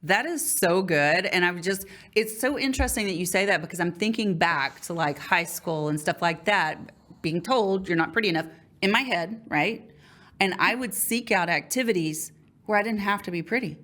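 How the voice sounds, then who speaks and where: A woman's voice: lowish voice, moderate pace, a bit bright. A woman hosting a podcast, reflecting aloud in a personal, thoughtful way. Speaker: podcast host. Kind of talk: podcast interview.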